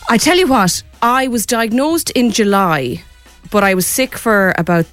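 A woman's voice: on the high side, measured pace, a bit bright, dry recording. An Irish woman talking candidly and chattily as a guest in a radio studio. Her voice is dry and close, with faint music underneath. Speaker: returning guest. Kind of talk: radio interview chat.

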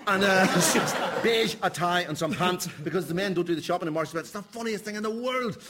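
A man's voice: high voice, quick pace, fairly bright tone. A man riffing on a comedy panel show, rambling and jokey with lots of hesitations. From Northern Ireland. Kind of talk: comic panel banter.

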